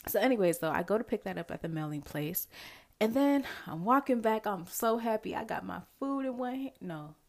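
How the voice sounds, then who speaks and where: A young woman vlogger telling a casual storytime to her viewers, animated and chatty, talking to them directly and acting out her own thoughts. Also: medium pitch, fairly quick. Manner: dramatic asides and quoted self-talk. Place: indoors at home, near a window with rain outside.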